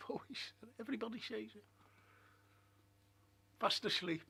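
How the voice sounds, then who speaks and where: A man's voice: high voice, unhurried, vocal fry, pushed and bright, slightly rough. A man hosting a casual live stream, chatting in a rambling way, musing aloud and reading out viewer comments. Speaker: livestream host. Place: at home.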